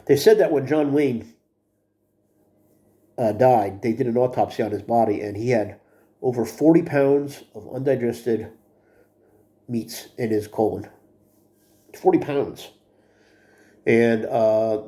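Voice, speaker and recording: A man's voice: medium pitch, mellow. A middle-aged man talking in a confessional video diary, rambling and frustrated with himself, often restarting and repeating words. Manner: rambling, frustrated, self-critical. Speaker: vlogger.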